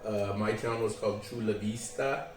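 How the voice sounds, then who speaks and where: A man from San Diego with a Western American accent, explaining things in a relaxed, friendly way as an interview guest. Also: lowish voice, moderate pace. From San Diego, California. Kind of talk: casual interview. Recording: echoey, from a distance.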